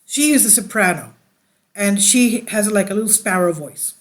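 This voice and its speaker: A woman with an alto voice, a church leader telling a personal testimony and reading an article aloud, unhurried and rambling. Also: mid-range voice, animated.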